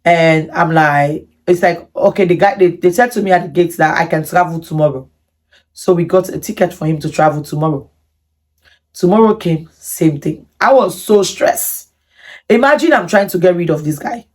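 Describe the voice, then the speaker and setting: A woman vlogger telling a personal story to camera in an animated, indignant way, with many repetitions. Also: on the low side, normal speed. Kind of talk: storytime vlog.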